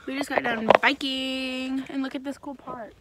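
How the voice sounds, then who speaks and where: A woman's voice: high voice, level tone, normal speed. A young woman vlogging outdoors in a city, chatty and often giggling. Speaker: travel vlogger. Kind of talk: casual vlog chat. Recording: loud outdoor noise.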